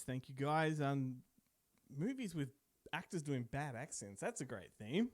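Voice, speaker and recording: A man's voice: on the high side, very animated, unhurried, faint music behind. A man hosting a podcast, chatting casually about movies and laughing often. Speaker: podcast host.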